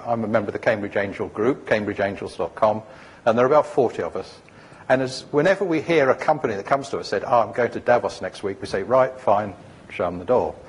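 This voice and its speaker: A man's voice: lowish voice, slightly rough. A man giving a conference talk about founding a company, rambling and anecdotal, full of fillers and restarts.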